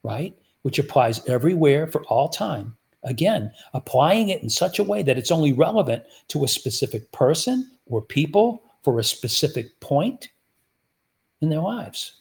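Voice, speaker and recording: A man's voice: fairly high pitch, big pitch swings, normal speed, gravelly, a little mellow. A man preaching a sermon, teaching through rhetorical questions he puts to his listeners. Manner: rhetorical, repeatedly asks the audience "guess what".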